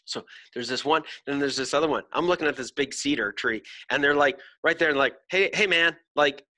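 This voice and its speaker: A man hosting a podcast, telling an animated story in casual chat, swearing freely and acting out voices. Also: mid-range voice, a little fast. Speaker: podcast host.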